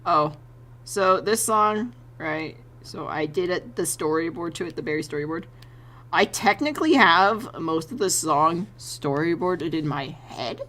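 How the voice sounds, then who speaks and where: A woman streamer chatting casually while she draws, excitable, laughing often and swearing freely. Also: deep voice, unhurried. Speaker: streamer and artist.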